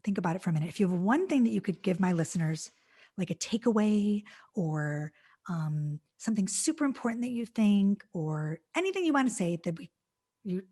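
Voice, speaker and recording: A middle-aged woman hosting a podcast, chatting casually with a guest in a gushing, effusive way, full of quick restarts. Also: mid-range voice, big pitch swings, mellow, husky. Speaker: podcast host. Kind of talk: casual interview chat.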